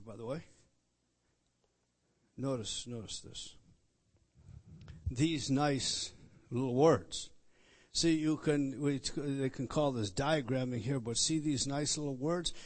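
A man's voice: medium pitch, lively intonation, a little slow. A man, a pastor preaching a sermon as he walks through a text, repeating words and stressing key points. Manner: repetitive, emphatic teaching, pointing out words on a text. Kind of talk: expository sermon.

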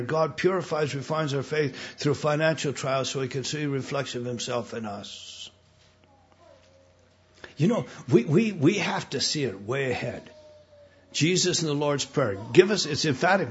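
An American man preaching a sermon, emphatic, repeating himself and putting questions to his listeners. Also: a little high. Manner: emphatic, repeats words, asks the congregation questions. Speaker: pastor. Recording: dull lo-fi recording.

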